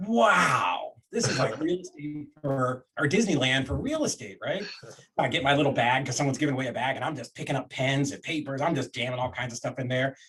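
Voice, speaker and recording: A man telling a personal story to an interviewer, conversational and lively. He acts out what he and others said and often restarts his sentences. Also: medium pitch. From Florida, USA. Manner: animated storyteller, acts out quoted voices, many restarts. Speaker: real estate investor and guest.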